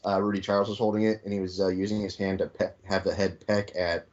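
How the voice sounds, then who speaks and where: A man co-hosting a casual wrestling podcast, excitable and stumbling over his openers. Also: low-pitched, fast talker. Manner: repeats openers, excitable, swears. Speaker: podcast co-host. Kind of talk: casual wrestling review chat. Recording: dull lo-fi podcast mic.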